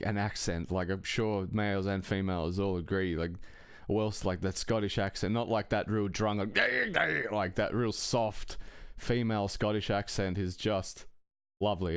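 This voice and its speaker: Smooth low-voiced rambling male storyteller. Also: dry recording, clean studio sound. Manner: rambling, profane, chuckling between phrases. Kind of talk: casual anecdote telling.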